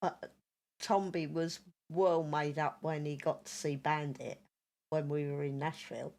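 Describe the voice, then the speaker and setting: A woman's voice: deep voice, steady tone, unhurried, gravelly, a little mellow. A woman co-hosting a casual podcast, easygoing and chatty. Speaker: podcast co-host. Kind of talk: casual chat.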